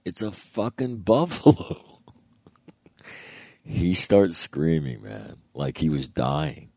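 A man with a very deep, dark voice spins old service stories, swearing freely and laughing through the punchlines. The sound is dry and close, with no room around it. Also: takes it slowly, vocal fry, breathy edge, no room sound. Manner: profane, laughing, animated retelling. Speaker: former Marine. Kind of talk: casual storytelling.

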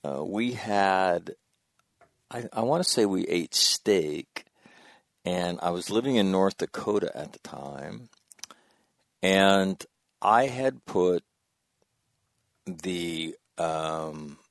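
A man's voice: deep voice, expressive, drawn-out words, vocal fry, long pauses, dry recording, studio quality. A man in his sixties telling a long personal story in casual chat, rambling and correcting himself and laughing at his own mishaps. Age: 60s.

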